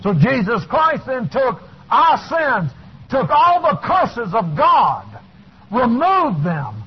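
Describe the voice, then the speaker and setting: A male preacher with a slightly rough voice gives a fiery sermon, shouting his points before dropping into low asides. The recording is dull and lo-fi.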